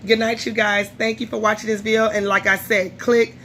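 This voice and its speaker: A woman's voice: mid-range voice, fairly quick, a little hiss or hum. A tired woman vlogger recapping a reality show in casual, blunt, profane chat, acting out what people said. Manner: blunt, profane, animated recap with quoted voices.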